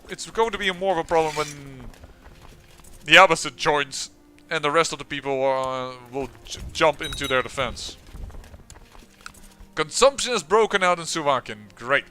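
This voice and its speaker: A man's voice: mid-range voice, sharp tone. A man hosting a let's-play, giving game commentary as he thinks aloud, often trailing off and restarting sentences.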